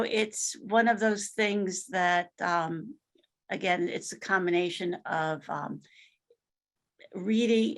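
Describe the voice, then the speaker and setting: A woman's voice: mid-range voice, vocal fry, fairly bright tone. Woman mediator speaking in a webinar. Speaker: mediator, presenter. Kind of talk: webinar talk.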